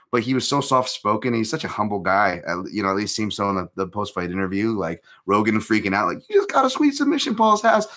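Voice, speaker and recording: Solo podcast host, man, bright forceful tone, loose and excitable delivery. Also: deep voice. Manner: rambling, enthusiastic, with frequent fillers. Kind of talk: solo live chat on martial arts.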